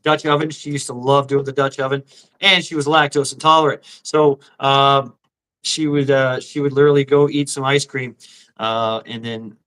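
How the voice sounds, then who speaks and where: A man's voice: fairly high pitch, unhurried, a bit bright. A middle-aged man hosting a casual livestream, crude and profane, laughing often and sounding tired and out of breath. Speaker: livestream host.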